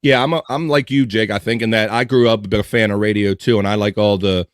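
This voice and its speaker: A man's voice: on the low side, fairly even intonation, fast, no echo, studio quality. Easygoing man hosting a podcast. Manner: easygoing, reassuring, asks rambling questions. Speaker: podcast host. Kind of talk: casual chat.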